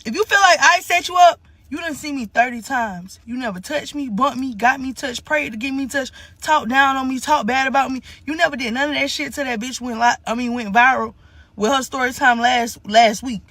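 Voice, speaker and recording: A woman rants to camera, angry and profane. Her voice is high and bright with a sharp edge. The sound is dry and close. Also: fairly quick, no echo. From Columbia, South Carolina. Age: 20s. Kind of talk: casual rant to camera.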